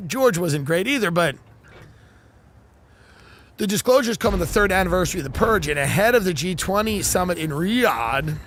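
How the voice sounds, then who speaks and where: A man's voice: high voice, expressive, moderate pace, long pauses, fairly bright tone, slight background noise. A man hosting a comedy podcast, reading a news article aloud and breaking off into sarcastic joking asides.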